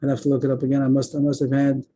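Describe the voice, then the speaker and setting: A man, teaching a verse-by-verse text class over a video call, thinking aloud frequent pauses and restarts. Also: mid-range voice, completely flat delivery, dark tone.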